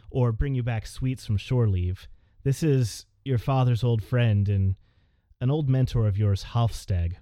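Brief: game master, rambling narrator, dark dry voice, low register. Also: male voice, no echo. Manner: meandering, filler-heavy narration.

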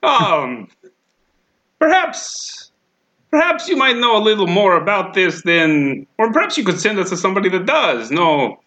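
A man voicing Cavill, a flattering, theatrical adventurer who sweet-talks a clerk in a tabletop game. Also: high-pitched, measured pace, voice pushed up, exaggerated voice. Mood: flirtatious. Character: flirtatious smooth-talking male adventurer Cavill.

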